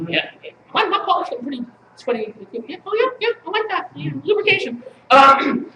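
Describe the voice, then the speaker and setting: A woman's voice: high-pitched, big pitch swings, normal speed, pushed and bright. A woman doing a crude, joking, profane live poetry reading with banter at a coffee shop venue. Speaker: performance poet. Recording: echoey room, noisy live stream.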